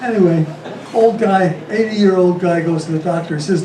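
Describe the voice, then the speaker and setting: A man doing stand-up comedy, rattling off deadpan jokes and chuckling at his own punchlines on a comedy club stage. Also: high-pitched, normal speed. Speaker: stand-up comic. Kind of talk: stand-up joke telling. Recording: echoey club, distant mic, faint room noise.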